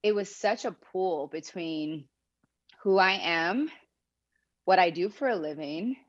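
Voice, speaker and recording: A woman's voice: lowish voice, slow pace, dull audio. A young woman speaking as a podcast guest in a casual, reflective way, laughing often. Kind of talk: casual interview talk.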